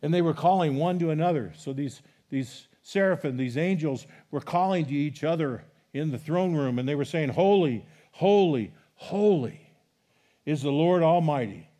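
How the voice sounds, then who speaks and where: A middle-aged pastor with a high-leaning voice preaches at a moderate pace with few pauses. He reads scripture with mounting, animated intensity, getting loud on the quotes, and talks to the congregation between passages.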